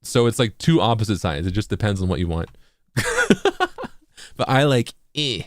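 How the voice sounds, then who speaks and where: A man with an East Coast accent giving a casual tutorial, relaxed and full of fillers, sounding words out as examples. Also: lowish voice, moderate pace, no echo, studio quality. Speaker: music producer and streamer.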